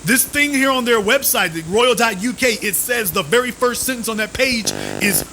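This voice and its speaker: A man's voice: very high voice, moderate pace, bright, forceful tone, soft background music, poor audio. A man hosting a live stream, giving emphatic commentary, with sarcastic, repeated rhetorical questions.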